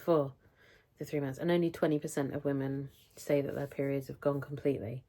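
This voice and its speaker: A woman's voice: a bass voice, steady tone, brisk, warm tone. A middle-aged British woman talking through a casual weekly health update vlog, rambling and chatty, often interrupting herself. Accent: British English. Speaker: vlogger.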